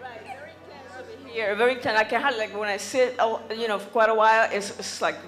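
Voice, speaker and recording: A woman testifying at a church service, halting and repeating herself as she describes her healing. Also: on the high side, fairly even intonation, a bit bright, reverberant, faint music behind. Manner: halting, repeating words, restarting. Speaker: church member giving testimony. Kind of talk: spoken testimony.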